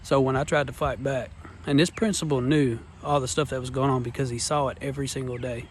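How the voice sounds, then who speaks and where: This vlogger, a man in his thirties, talks briskly in a mid-range voice with fairly even intonation while sharing a heartfelt personal testimony. His manner is earnest and rambling, with Southern phrasing, and the recording carries slight hiss or hum.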